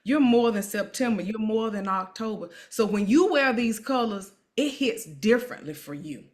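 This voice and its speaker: A woman's voice: medium pitch, expressive, moderate pace. A woman hosting an emotional interview, encouraging and repeating herself as she talks. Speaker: host. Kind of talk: emotional live-stream interview.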